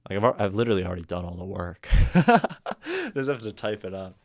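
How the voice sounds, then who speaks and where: A man's voice: low voice, quick pace, no room sound, clean studio sound. A man streaming casual talk about poetry, rambling and thinking aloud, with a self-amused edge.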